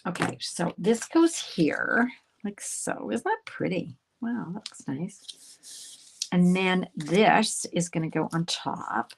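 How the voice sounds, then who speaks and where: With a lowish, lively voice, slow delivery and some vocal fry, a Canadian woman makes cards and chats to her viewers, muttering to herself and laughing at her own errors. It's a casual crafting tutorial, with a little hiss or hum in the recording.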